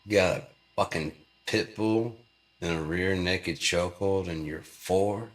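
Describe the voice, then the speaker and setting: A man's voice: deep voice, measured pace. A man vlogging in a rambling, profane, joking monologue.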